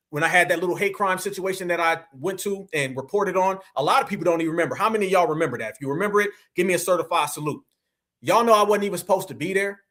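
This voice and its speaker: A man's voice: a little high, sharp tone. An American man hosting a livestream, speaking as an activist in a preachy, rallying monologue that keeps calling his viewers family. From United States. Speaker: host and activist.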